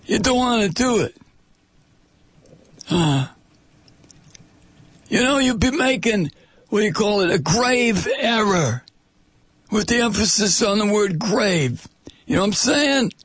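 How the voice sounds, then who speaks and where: A menacing male oil lobby boss who talks like a mafioso with an Italian-American accent, as a commentator puts him on. He drawls his threats and leans on every word, pitched well above the speaker's own voice. The voice is husky and the sound is dry. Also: animated, takes it slowly, pauses often, fairly bright tone, dry recording, heavily acted. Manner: threatening, drawling, leaning on words.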